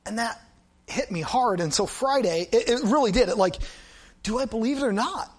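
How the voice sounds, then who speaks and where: High-voiced pastor telling a story. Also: male voice. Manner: conversational, animated storytelling with quick asides. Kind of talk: storytelling sermon.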